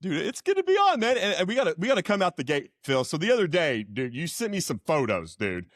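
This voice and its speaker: A man co-hosts a casual podcast with easy excitement, tossing in dude and man as he talks. His voice sits fairly high and swings widely, recorded dry and close. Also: fast talker, dry recording. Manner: lively and excitable, calls people dude and man. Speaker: podcast co-host. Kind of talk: casual talk show chat.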